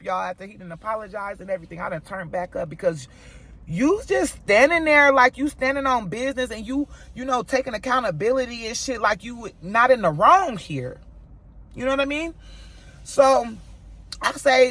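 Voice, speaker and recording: A woman telling a storytime vlog to her viewers, animated and profane, acting out what others said. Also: a little high, moderate pace, husky, dry recording. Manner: animated, profane retelling, voicing quoted people; talks straight to viewers as "y'all". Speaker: mom vlogger.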